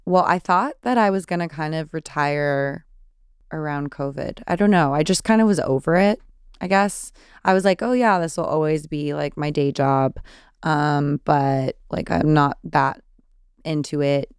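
Chatty Californian woman with vocal fry. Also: sits low, measured pace, dry recording, studio quality. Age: 30s. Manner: chatty, many fillers and restarts. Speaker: podcast host. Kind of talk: casual solo Q&A.

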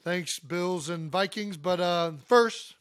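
This man from Ohio has a fairly high voice for a man and talks bluntly, needling his co-host with good-natured teasing. The sound is dry and close, with no echo at all. He is in his thirties and chats casually on a sports podcast. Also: slow pace, a bit bright, smooth.

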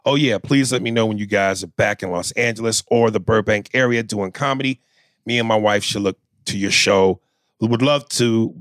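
A man's voice: lowish voice, dry recording. Guy hosting a podcast, laid back, reads emails out, dry close mic. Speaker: podcast host. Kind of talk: casual chat, reading listener email.

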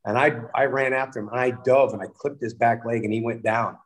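Animated man telling baseball stories. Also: mid-range voice, fairly quick. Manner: animated storyteller, acts out quotes, laughs often. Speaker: guest, former baseball pitcher. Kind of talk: casual storytelling interview.

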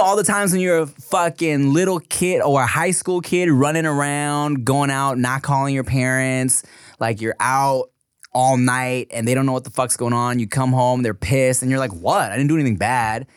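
A man's voice: mid-range voice, fairly even intonation, normal speed, smooth, dry recording, studio quality. A man co-hosting a casual podcast, a father who acts out voices as he tells stories. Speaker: podcast co-host. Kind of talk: casual chat.

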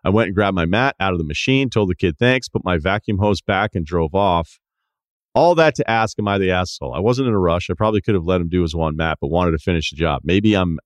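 Deep voiced guy hosting a podcast, reading listener mail with dry little jokes, very dead studio sound. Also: no echo. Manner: wry, conversational, reads listener email aloud with asides. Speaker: podcast host. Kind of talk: casual podcast talk, reading listener emails.

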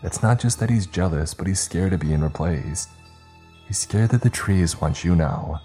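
A man's voice: low-pitched, moderate pace, dark tone, soft background music, close to an everyday voice. A man voicing a frightened young man who begs and whines in a desperate, pleading way, in a storybook reading. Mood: anxious. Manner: whining, begging.

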